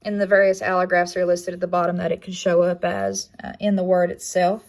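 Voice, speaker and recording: A woman's voice: fairly low pitch, flat delivery, a little fast. A young woman giving a class project presentation, speaking plainly with frequent ums and uhs. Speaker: student presenter.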